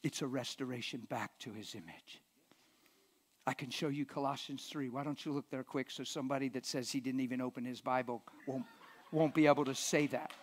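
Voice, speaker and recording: Emphatic preaching man, mid-pitched. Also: steady tone, fairly quick, husky. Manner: emphatic preaching, dropping to hushed whispers. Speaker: pastor. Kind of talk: live sermon. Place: church.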